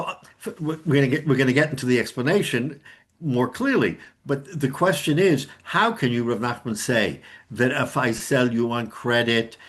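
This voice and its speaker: Male rabbi, mid-pitched, talks through a Talmud lesson with restarts and Aramaic terms. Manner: explanatory, many restarts, Hebrew and Aramaic terms. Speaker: rabbi teaching a Talmud class.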